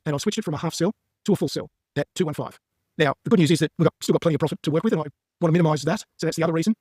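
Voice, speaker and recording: A man giving members a brisk, emphatic market update while walking through stock charts. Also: a little high, darkish tone, breathy edge, dry recording, studio quality. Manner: brisk and emphatic, plain-spoken.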